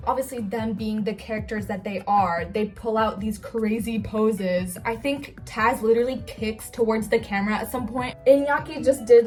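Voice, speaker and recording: An excitable young woman chats through a casual makeup vlog and tells her story in a gushing rush. Her voice sits fairly high, and soft music plays faintly behind her. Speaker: cosplay vlogger. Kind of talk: casual get-ready-with-me vlog.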